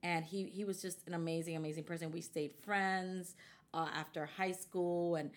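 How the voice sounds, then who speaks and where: A woman's voice: fairly low pitch, normal speed. A woman telling a personal story in casual conversation, animatedly quoting the people involved. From United States. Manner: animated, quotes people in her stories. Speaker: guest.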